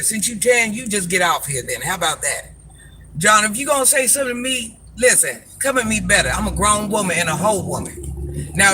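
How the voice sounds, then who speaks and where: A woman's voice: mid-range voice, noisy background. An older woman, a social media personality, scolding commenters in a sassy, confrontational live rant, repeating her insults for emphasis.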